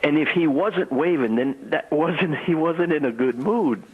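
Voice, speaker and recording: Older man telling stories, halting. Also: a little high, breathy edge, narrow, tinny audio. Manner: halting, repeats words while recounting stories. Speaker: former ballplayer guest. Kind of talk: storytelling interview.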